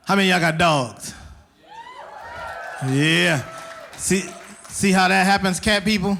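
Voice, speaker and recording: High, bright-voiced animated male comedian. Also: measured pace, vocal fry, long pauses, a little hiss or hum. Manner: animated, loud punchlines, laughs at own jokes. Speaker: stand-up comedian. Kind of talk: stand-up comedy. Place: comedy stage.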